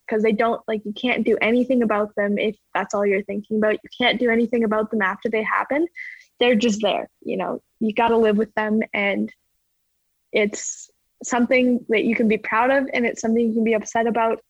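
Chatty woman, dull lo-fi sound. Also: no room sound. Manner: chatty, fillers of "like", acts out quotes in a higher voice. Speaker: guest athlete. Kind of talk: casual interview chat.

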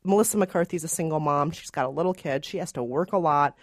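A woman's voice: sits low, quick pace, dry recording, clean studio sound. A woman co-hosting a movie review podcast, talking casually and laughing easily. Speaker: podcast co-host, film critic.

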